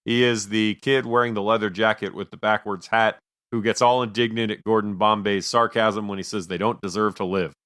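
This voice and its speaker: A man's voice: fairly low pitch, steady tone, a little fast, fairly bright tone. A man co-hosting a film podcast, talking casually and rambling with self-mocking jokes. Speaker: podcast co-host. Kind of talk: casual film review chat.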